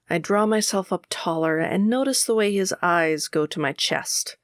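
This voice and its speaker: A woman narrating a first-person audiobook in a steady, measured way. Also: sits low, dry recording, clean studio sound.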